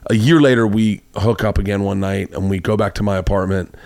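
A man's voice: fairly low pitch, steady tone, fairly quick, gravelly, darkish tone, no room sound. A man hosting a podcast, telling a long, rambling anecdote in casual chat and acting out the voices of the people in it. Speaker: podcast host. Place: home studio room.

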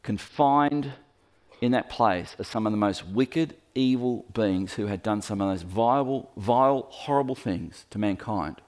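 Animated male preacher telling a story. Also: on the low side, a little slow. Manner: lively storytelling, acts out quoted voices; speaks to the room, pointing at a map. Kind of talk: sermon.

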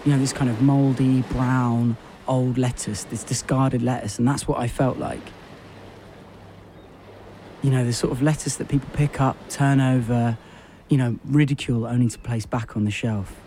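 A man at a middle pitch tells a surreal story in a rambling, deadpan way, looping back over phrases and leaning on fillers. A faint hiss sits under the voice. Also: normal speed. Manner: rambling, repetitive, full of fillers. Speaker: radio show host. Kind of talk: absurd deadpan storytelling monologue.

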